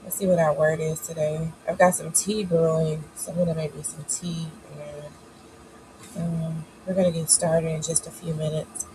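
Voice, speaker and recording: A woman's voice: deep voice, level tone, moderate pace, background noise. A woman with a cold, hosting a live writing session in a chatty, playful, encouraging way. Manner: chatty, playful, encouraging with lots of "y'all" and "child". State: sniffly, coming down with a cold. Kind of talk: casual live-stream chat.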